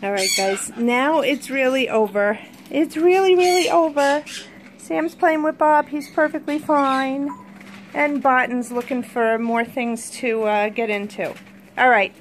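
A woman with a high, light voice coos at her pets in a sing-song way while she feeds them. She chats casually to the people watching her vlog between the animal talk. Birds squawk loudly behind her in a noisy home recording. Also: unhurried. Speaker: vlogger feeding her pets. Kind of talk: casual chat to pets and viewers.

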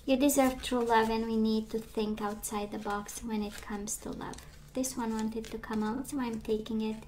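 A woman losing her voice gives a gentle, reassuring tarot reading, talking with many fillers. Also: fairly high pitch, steady tone, normal speed. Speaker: tarot reader.

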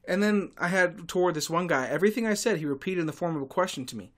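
A man hosting a podcast, telling stories in a sarcastic, irritable monologue with sudden loud outbursts. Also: high-pitched, lively intonation, fast, hardly any pauses. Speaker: podcast host and tour guide. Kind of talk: casual ranting monologue.

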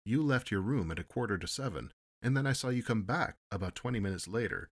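Give me a man playing an eager, respectful ship's steward, pitched up a bit. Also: lively intonation, fast, slightly rough. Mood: earnest. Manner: polite, says sir often. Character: deferential male ship's steward, eager and talkative.

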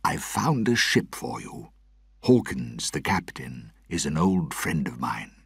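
A man's voice: rumbling low, sing-song, takes it slowly, breathy edge, no room sound, studio quality, heavily acted. A man voicing an older male colonial governor who is an anxious, protective father, speaking with urgent pleading.

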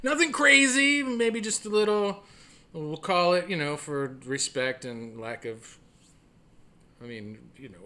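Man, comic storyteller, high voice, very bright and sharp tone, animated, acts out other people's lines, recorded at home. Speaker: stand-up comedian telling a personal story. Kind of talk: comedic storytelling monologue. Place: home, by the front door. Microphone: camera at home.

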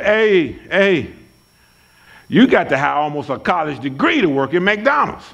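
High, lively-voiced male preacher. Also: measured pace, vocal fry, highs cut off. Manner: preachy, emphatic, repeats key lines; conversational, folksy asides. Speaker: pastor. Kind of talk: sermon. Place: church service.

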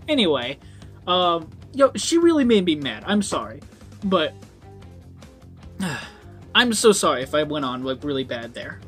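A man's voice: high-pitched, big pitch swings, measured pace, faint music behind. A young man giving a casual book review, rambling with frequent ums and swearing when worked up.

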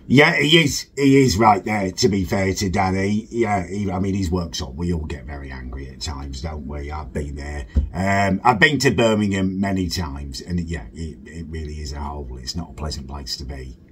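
A man's voice: normal speed, hardly any pauses, background noise. A man from northern England hosting a comedic reaction video, mock-pompous and indignant. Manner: mock-pompous, indignant, wildly swinging pitch. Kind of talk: comedic reaction commentary in character.

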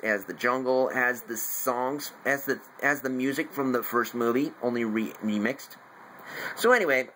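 A young man, in his teens, reviewing a movie at home in a rambling, excitable way, talking in bursts. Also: mid-range voice, poor audio. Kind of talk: casual home video review. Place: room at home, family in the house. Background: faint TV noise from downstairs.

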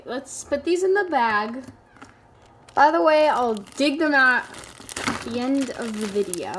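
A woman's voice: on the high side, noisy background. A woman narrating a playful toy skit in a silly, joking way. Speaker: toy video maker.

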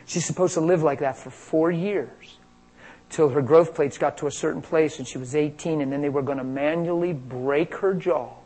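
A middle-aged man preaching, telling a healing story in an animated way that jumps high and loud at its peaks. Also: rough recording. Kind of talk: healing testimony sermon.

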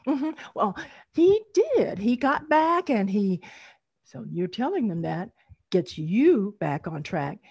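Woman, middle-aged, lively pitch, slow pace, encouraging storytelling teacher, video call. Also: gravelly, breathy edge, highs cut off. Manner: encouraging, animated, laughs often. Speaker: storytelling workshop presenter. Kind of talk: online workshop teaching.

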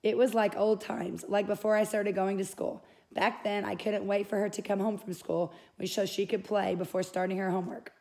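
A woman's voice: mid-range voice, level tone, moderate pace, hardly any pauses, a little mellow. A woman reading a first-person novel aloud in an unpolished way, with small slips and self-corrections. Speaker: audiobook reader.

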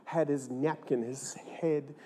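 Older male pastor for a church sermon; theatrical, dips from loud peaks to near-hushed asides, asks the congregation rhetorical questions. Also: steady tone, slow pace, breathy edge. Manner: dramatic, swings between loud rises and hushed low lines. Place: church service.

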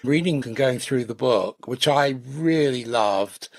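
A man hosting a podcast interview, speaking in measured, flowery phrases. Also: medium pitch, creaky. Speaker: podcast host.

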